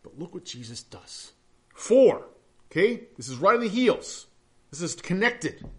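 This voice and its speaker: A man preaching a sermon, reading scripture aloud and breaking into hushed, questioning asides. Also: high-pitched, measured pace. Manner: animated, swings between loud reading and hushed asides. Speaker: pastor.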